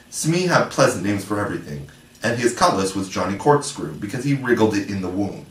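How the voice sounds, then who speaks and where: A man's voice: lowish voice, very animated, a little fast. A man reading a classic children's novel aloud as an audiobook narrator. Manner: storytelling reading. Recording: echoey room, from far off.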